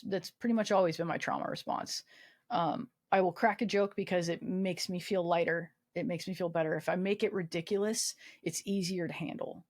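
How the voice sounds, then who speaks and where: A woman's voice: mid-range voice, darkish tone. A woman in her twenties, a guest on a podcast, telling a personal story candidly with self-mocking humor, swearing and lots of fillers. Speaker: podcast guest, army veteran.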